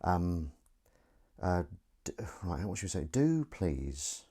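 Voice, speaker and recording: A deep, slightly husky man talks on his own stream, half to himself and half to his viewers. He rambles and mocks his own phrasing, chatty and unpolished. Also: big pitch swings, slow, warm tone. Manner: rambling, self-mocking, talks to himself while setting up. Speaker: livestream host. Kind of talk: casual solo livestream chat.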